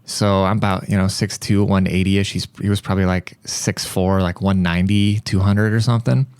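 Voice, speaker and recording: A young man hosting a podcast, telling a story in a rambling, profane, animated way. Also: low-pitched, normal speed, smooth, dry recording. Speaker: podcast host. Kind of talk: casual monologue.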